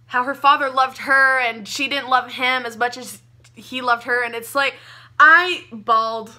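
A young woman gushing about a book she loved, talking casually and excitably with lots of "like" fillers. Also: high-pitched, measured pace. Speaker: book reviewer.

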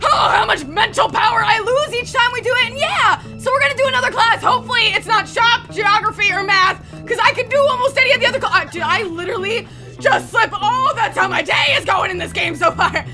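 Excitable high-voiced woman gaming host. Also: a little fast. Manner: excitable, talks to herself, often yells. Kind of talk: let's play commentary. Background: game music.

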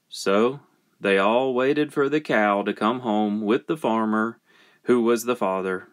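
A man reading a children's storybook aloud with gentle, playful storytelling. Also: on the low side, unhurried. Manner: gentle, playful storytelling with lots of sound effects. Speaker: narrator.

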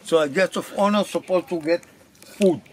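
A man chatting on a road trip in a casual travel vlog, hesitant with halting restarts. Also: high-pitched. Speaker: travel companion. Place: in a car, then a desert cabin.

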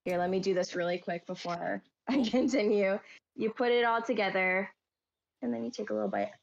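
A woman's voice: mid-range voice, fairly quick, vocal fry. Easygoing woman streamer talking through her run, slightly muffled recording. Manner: chatty, easygoing. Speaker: speedrunner. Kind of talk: casual stream commentary. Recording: dull lo-fi mic.

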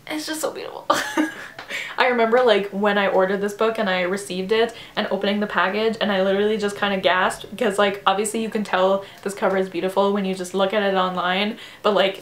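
A woman's voice: mid-range voice, reverberant, slight background noise. A woman book vlogger gushing over her books in casual chat, full of "like" and "oh my god", at home. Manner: gushing, enthusiastic, lots of "like" and "oh my god".

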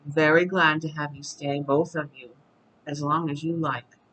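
A storybook reader voicing an elderly, gentle pioneer widow in a read-aloud. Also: mid-range voice, flat delivery, normal speed, rough recording. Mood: kindly.

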